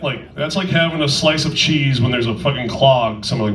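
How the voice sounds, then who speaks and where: A man's voice: mid-range voice, quick pace, fairly bright tone, reverberant, distant mic, low-quality recording. A man doing a stand-up set in a comedy club, with a crude, rambling, self-interrupting delivery.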